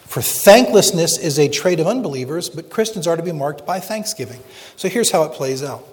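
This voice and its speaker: A man preaching a sermon in an earnest way, slowing down to stress verses of scripture. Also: on the high side, animated, big-room sound. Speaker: pastor.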